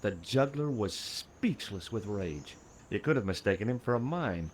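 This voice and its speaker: Game casting: man voicing a deadpan, sarcastic hero, lively pitch, light ambience behind. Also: moderate pace, slight background noise, lightly acted. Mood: wry. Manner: dry, sarcastic narration. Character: wry, sardonic male adventurer narrating.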